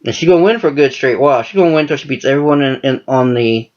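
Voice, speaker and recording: A man's voice: medium pitch, quick pace, a little mellow. A man talking casually and profanely about wrestling storylines, rambling with lots of cursing. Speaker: wrestling fan commentator. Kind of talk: casual monologue. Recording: dull lo-fi recording.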